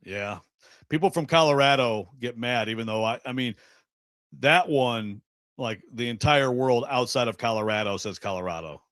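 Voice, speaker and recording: A man's voice: mid-range voice, moderate pace, fairly bright tone, dry recording. A man from Western Michigan co-hosting sports radio, chatting in a rambling, jokey way. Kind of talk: casual radio banter.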